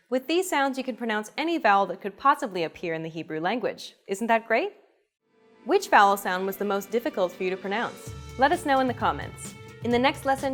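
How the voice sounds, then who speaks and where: Woman, lesson host; scripted narration, friendly, asks questions to engage learners. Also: fairly high pitch.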